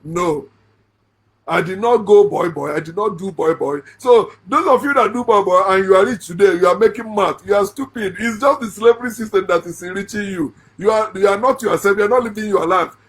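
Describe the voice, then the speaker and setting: A middle-aged man with a Nigerian accent talks a little fast in a high-pitched, breathy-edged voice, sarcastically mocking a Bible passage for an online audience. Laughter comes often, and he rises into shouts.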